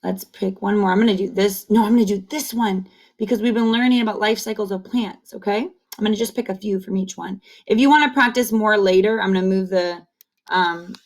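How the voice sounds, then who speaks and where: A woman teaching kindergarten phonics on video, drilling sounds slowly and cheering the children on. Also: medium pitch. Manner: slow, encouraging call-and-repeat drilling. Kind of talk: online phonics lesson. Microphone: camera facing the speaker.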